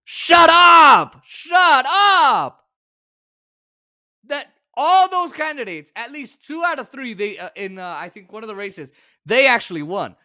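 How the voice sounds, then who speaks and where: A male political commentary host delivers his opinions with sarcasm and exasperation, now and then erupting into shouts. His voice is high and animated, moving at a moderate pace.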